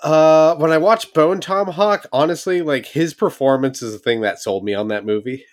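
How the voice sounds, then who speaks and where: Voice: mid-range voice, normal speed. A podcast co-host in a casual movie chat who talks in an easygoing way and mostly adds short remarks.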